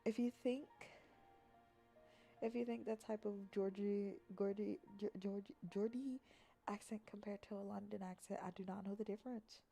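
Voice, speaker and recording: A woman's voice: mid-range voice, steady tone, moderate pace, vocal fry, warm tone. A woman streamer in casual, rambling chat, teasing and joking as she reads comments aloud. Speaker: VTuber streamer. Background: faint background music.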